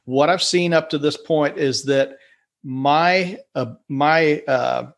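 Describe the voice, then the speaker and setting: A man's voice: a little high, takes it slowly, gravelly. Rambling man on a podcast. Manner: rambling, self-deprecating, many fillers and restarts. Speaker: podcast co-host. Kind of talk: casual podcast chat. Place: wife's office.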